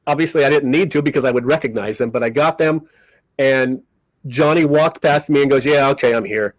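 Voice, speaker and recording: A man's voice: a little high, fairly quick, no room sound, poor audio. An older man, a comedy magician guest on a podcast, telling stories casually and acting out the people in them. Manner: animated raconteur who acts out quoted people. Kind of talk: casual storytelling interview.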